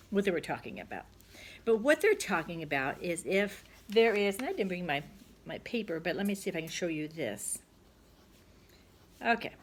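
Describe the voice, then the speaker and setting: A middle-aged woman teacher talks young children through a phonics worksheet. She is patient and homey, unhurried, and keeps checking in with a soft "okay?" as she goes. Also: medium pitch, a little hiss or hum. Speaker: second-grade teacher.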